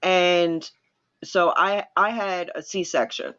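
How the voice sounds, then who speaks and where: A woman hosting a casual live-stream chat, telling animated stories and acting out the voices of the people in them. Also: fairly low pitch, slow, clean tone, lo-fi sound. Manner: animated storyteller, acts out quoted voices. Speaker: host.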